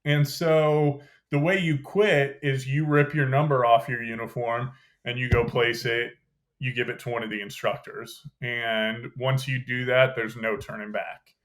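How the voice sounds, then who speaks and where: A young adult man, a podcast guest, telling stories of his military training in a relaxed, detailed way, full of "you know" and "like.". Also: medium pitch, unhurried. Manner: conversational, detailed, frequent "you know" and "like" fillers. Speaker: podcast guest, former Green Beret. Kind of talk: casual storytelling interview.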